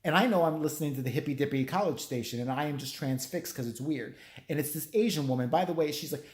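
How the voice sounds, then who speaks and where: A man's voice: a little high, fast, darkish tone. Male vlogger, crude sarcastic rambling storyteller, roomy echoey sound. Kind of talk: profane ranting storytelling. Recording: roomy echo.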